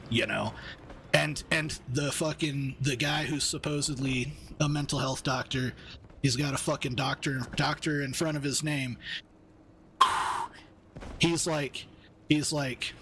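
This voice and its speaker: A man's voice: medium pitch, a little slow, vocal fry, fairly bright tone, slight background noise. A man, angry and steamed up, ranting profanely and rambling in casual chat while streaming a game. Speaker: gaming streamer.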